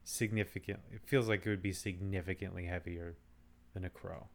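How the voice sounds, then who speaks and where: A man with a somewhat low voice co-hosts a relaxed podcast. He thinks out loud, stumbles over a restart now and then, and keeps a wry edge to his replies. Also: brisk, gravelly. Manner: wry, reasons aloud with some restarts. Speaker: podcast co-host. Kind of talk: casual chat.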